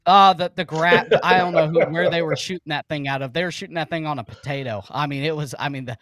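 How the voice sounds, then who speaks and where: A man's voice: a little high, steady tone, quick pace, a loud crowd. A man co-hosting a sports talk show, rambling casually through his points and restarting often. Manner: rambling, food comparisons, restarts. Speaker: co-host.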